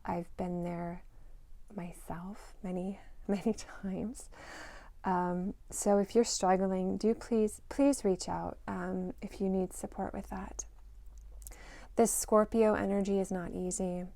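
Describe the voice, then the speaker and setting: A woman giving a spoken intuitive reading to parents, gentle and reflective, musing aloud with fillers. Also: medium pitch, little pitch movement, slow pace, creaky, no echo. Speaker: intuitive reader.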